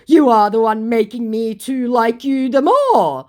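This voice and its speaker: A woman putting on the voice of a whiny, childish male scammer who pleads and complains in a high, drawn-out whine. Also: a little mellow, close to an everyday voice. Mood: whining. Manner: mocking parody of the quoted speaker.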